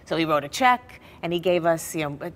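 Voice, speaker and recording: A middle-aged woman telling family stories in a television interview, animated and laughing now and then. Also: sits low, fairly quick. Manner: animated storyteller, laughs through her stories. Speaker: interview guest. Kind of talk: personal storytelling in a TV interview.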